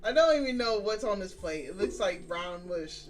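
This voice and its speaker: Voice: medium pitch, lively intonation, normal speed, far from the mic, faint music behind. Streamer reading a story game, joking asides. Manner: casual, profane, joking asides between read lines. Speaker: gaming streamer.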